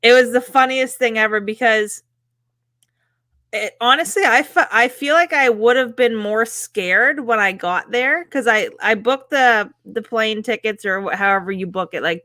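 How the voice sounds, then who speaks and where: Female podcast co-host, lively storyteller, bright tone, dry close recording. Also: medium pitch, dry recording. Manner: animated storytelling, laughs often. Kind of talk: casual chat.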